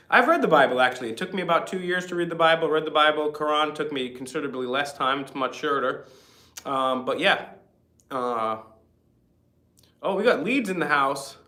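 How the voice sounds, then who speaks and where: A man's voice: a little high, expressive, moderate pace, pauses often, bright, forceful tone, echoey room. A man hosting a casual livestream chat, rambling and reading viewer comments aloud. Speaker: livestream host.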